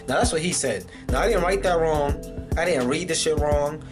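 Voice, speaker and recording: A man's voice: fairly high pitch, normal speed. A man ranting casually in a video commentary, swearing and using many fillers. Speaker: vlogger. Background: music.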